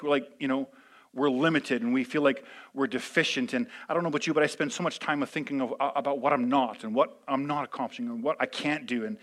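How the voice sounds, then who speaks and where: A pastor with a fairly high voice delivers a sermon in a conversational way, with frequent fillers and restarts. He swings between quiet, intimate asides and loud, emphatic declarations.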